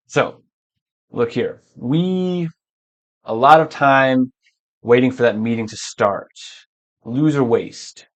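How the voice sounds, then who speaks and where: A man teaching English verbs patiently, often switching to Spanish to explain and clearing his throat now and then. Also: medium pitch, takes it slowly, pauses often. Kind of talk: language lesson.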